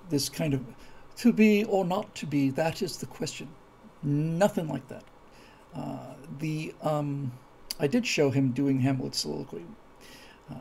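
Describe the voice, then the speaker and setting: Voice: medium pitch, gravelly, slight background noise. A host of an online video show talking casually, with many fillers and restarts, who builds into emphatic speech. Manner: grows animated and emphatic. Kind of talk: casual spoken commentary.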